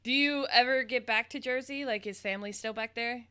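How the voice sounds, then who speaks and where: A woman's voice: fairly high pitch, fairly quick, pushed and bright, clean tone. A woman from the American South hosting a casual interview, bubbly and giggly. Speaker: podcast host, interviewer.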